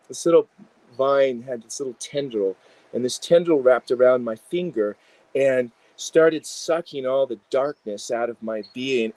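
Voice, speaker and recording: A man, an integration psychologist, telling animated stories in a casual interview with many fillers. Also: mid-range voice, no room sound, rough recording.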